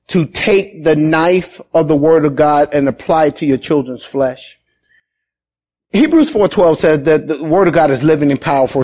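A man preaching a sermon as pastor, conversational and repetitive, rising into shouted emphasis. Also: on the high side.

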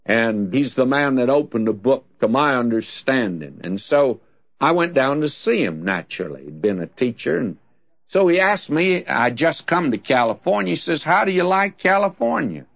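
Folksy older Southern radio preacher. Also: male voice, medium pitch, big pitch swings, normal speed, vocal fry, fairly bright tone. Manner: folksy, conversational preaching with storytelling. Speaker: radio Bible teacher. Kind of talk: radio Bible teaching. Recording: dull lo-fi old radio recording.

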